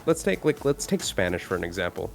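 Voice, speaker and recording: A low-voiced man with a gravelly, creaky edge, ranting on a live stream with heavy swearing and constant restarts. Faint music plays quietly under his voice. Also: fast. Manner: profane, animated ranting with many restarts. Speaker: streamer co-host. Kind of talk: casual live-stream chat.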